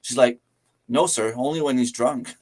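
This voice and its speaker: A man's voice: mid-range voice, normal speed, slight background noise. A man telling a joke in casual chat, acting out the characters. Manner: telling a joke with acted voices.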